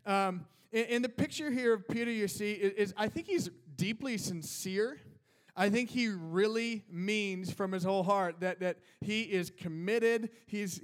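High-voiced, casual preaching pastor. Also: male voice. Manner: casual, conversational, with fillers like "man" and "like". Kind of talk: sermon.

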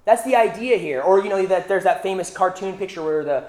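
A young male preacher delivering a sermon in a relaxed, conversational style. He leans on rhetorical questions and casual fillers as he explains a scripture passage. His delivery is informal and unscripted. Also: high voice, a little fast.

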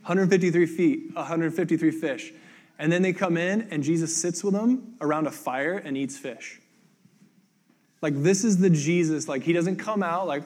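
A man's voice: on the high side, normal speed, darkish tone. A man preaching a casual sermon in a conversational way, full of fillers, acting out the voices of the people in the story he tells. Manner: conversational, acts out quoted voices, many "like" fillers. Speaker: pastor.

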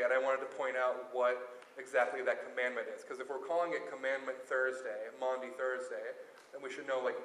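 A man's voice: medium pitch, a bit bright. A man giving a casual Bible teaching, chatty and loose, with lots of fillers. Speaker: Bible talk speaker. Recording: roomy echo.

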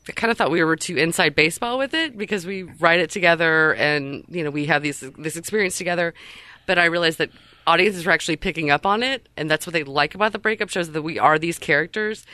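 A woman in her thirties talks with a bright, forward edge, laughing often and swearing freely. The sound is dry and close, with no room around her. She talks in casual podcast banter. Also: lowish voice, no room sound. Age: 30s. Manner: animated, laughing, frank and profane. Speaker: guest, comedy show creator.

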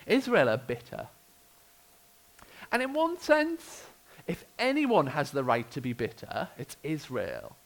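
A man's voice: fairly high pitch, huge pitch swings, measured pace, vocal fry, poor audio. A British man preaching a sermon, telling the story with expression and wry humour. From United Kingdom.

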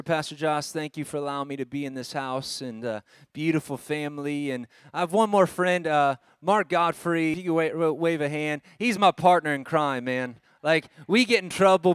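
A middle-aged man preaching a sermon as a guest at a church service, energetic and conversational, mixing stories and asides. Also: fairly high pitch, clean tone, no room sound, studio quality.

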